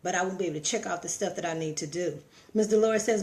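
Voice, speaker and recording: A woman's voice: fairly low pitch, fast talker, darkish tone. A middle-aged woman from Texas with a Texan accent, giving a motivational live-stream monologue in a preachy, repetitive way with many rhetorical questions. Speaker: vlogger.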